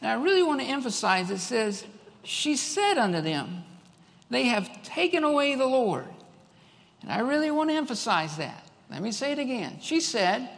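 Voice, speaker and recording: A man preaching a fervent sermon, repeating lines for emphasis and rising to shouts. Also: very high-pitched, very animated, unhurried, big-room sound.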